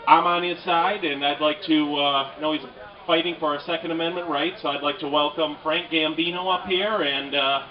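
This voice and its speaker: A halting male emcee introduces the next speaker at an outdoor rally, his voice slightly high. He sounds distant, and the recording is dull and lo-fi with faint noise. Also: fairly even intonation. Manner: halting, many "uh"s.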